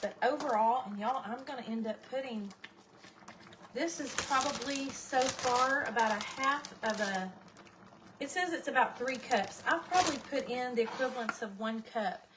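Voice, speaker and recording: A woman's voice: fairly high pitch, normal speed. A middle-aged woman, chatting folksily to viewers while cooking in her home kitchen. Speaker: cooking vlogger. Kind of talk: casual cooking livestream chat. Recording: audible background noise.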